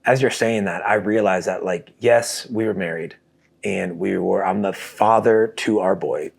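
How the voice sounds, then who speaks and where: Husky-voiced man telling a blunt story. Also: sits low, a little slow. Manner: blunt, swears often, candid. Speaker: podcast co-host. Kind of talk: casual chat, personal storytelling.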